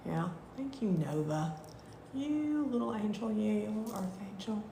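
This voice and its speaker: A woman, teaching a live online spiritual class in a gushing, heartfelt way with drawn-out thank-yous. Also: mid-range voice, vocal fry, background noise. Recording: echoey room.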